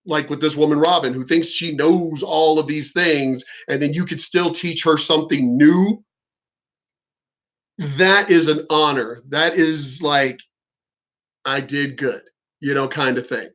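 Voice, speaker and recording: A man speaks in a casual reaction-commentary style, his voice sitting a bit high for a man. He is blunt and profane, telling his story in a frank, unpolished way. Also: measured pace, fairly bright tone, low-quality recording.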